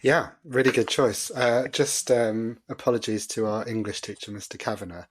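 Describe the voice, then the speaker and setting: A man's voice: on the low side, fairly even intonation, moderate pace, husky. A man co-hosting a casual podcast, rambling and self-deprecating with lots of hesitations. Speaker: podcast co-host.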